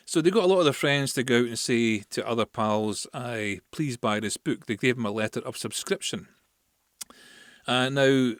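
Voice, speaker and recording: A man's voice: mid-range voice, dry recording, clean studio sound. Scottish man telling history casually. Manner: chatty, explains with asides and fillers. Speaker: podcast host.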